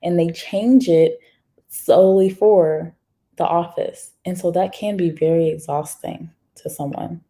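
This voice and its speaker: Chatty woman with a low, mellow voice. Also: a little slow. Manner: chatty, animated, talks straight to viewers. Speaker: livestream host reading viewer comments. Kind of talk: casual livestream chat.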